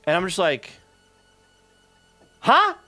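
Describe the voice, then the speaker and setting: A man's voice: on the high side, sing-song, normal speed, fairly bright tone, dry recording, soft background music. A man streaming, telling a rambling workplace story in casual chat, full of profanity, fillers and asides.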